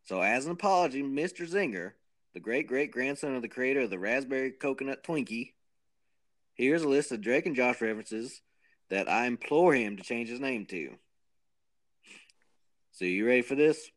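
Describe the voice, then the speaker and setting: A man's voice: medium pitch, animated, moderate pace, long pauses, a bit bright. Joking man hosting a podcast. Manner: joking, rambling, self-mocking. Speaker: podcast co-host. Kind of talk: casual chat.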